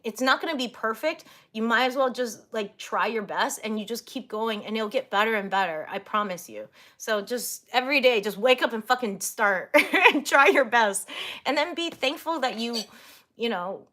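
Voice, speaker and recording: A woman in her thirties chats loosely with her stream audience, reading comments aloud and breaking into giggles. Her voice sits a little high, and her talk is relaxed and unpolished, with a casual curse here and there. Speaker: livestreamer reading chat. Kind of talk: casual livestream chat.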